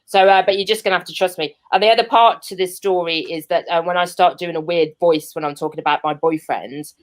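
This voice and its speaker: A young Birmingham woman tells a rambling comic story from home over a video call, fillers and self-mocking laughs all through. Her voice sits on the low side for a woman. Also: fairly even intonation, fast talker. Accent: Birmingham English. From Birmingham, England. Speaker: stand-up comedian. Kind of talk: online stand-up set. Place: seated at home.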